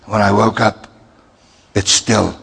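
A man's voice: slow, creaky, big-room sound. A male pastor preaching a sermon, telling a story and acting out the dialogue with big jumps in his voice. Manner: animated, acts out dialogue with big pitch jumps.

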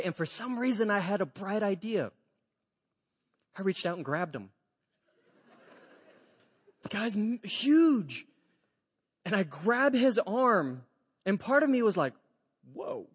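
High-voiced pastor in an echoing hall. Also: male voice, unhurried, long pauses, husky. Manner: animated storyteller, acts out dialogue. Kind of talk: storytelling sermon. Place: church sanctuary. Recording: reverberant church hall.

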